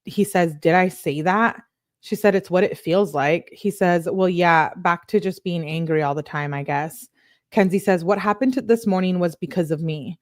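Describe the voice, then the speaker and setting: Low-voiced woman reading text messages. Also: moderate pace, dry recording, clean studio sound. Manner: plain reading with casual asides, says "like" often. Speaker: true crime channel host.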